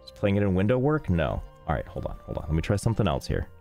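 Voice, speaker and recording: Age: adult. Sex: man. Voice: low, lively rambling streamer. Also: fast, gravelly. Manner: rambling, self-mocking, exasperated by technical trouble. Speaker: game streamer. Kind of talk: casual live-stream chat. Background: faint game music.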